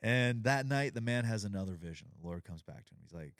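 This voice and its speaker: A man hosting a podcast, telling a parable in a relaxed, chatty way. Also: on the low side, fast talker, few pauses, no echo, studio quality. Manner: relaxed, chatty, many fillers. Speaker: podcast host. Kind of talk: casual storytelling.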